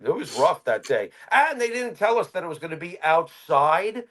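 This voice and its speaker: A man with a fairly high voice that swings widely up and down as he talks. He co-hosts a casual podcast and spins animated stories, slipping into the voices of the people he quotes. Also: normal speed. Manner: animated storytelling, acts out quotes with laughs. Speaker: podcast co-host. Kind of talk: casual chat.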